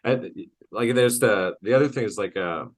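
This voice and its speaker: A man's voice: on the low side, normal speed. A man hosting a podcast, a tattooer who swears a lot and jokes, tired. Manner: swearing, joking, animated. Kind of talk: casual podcast chat.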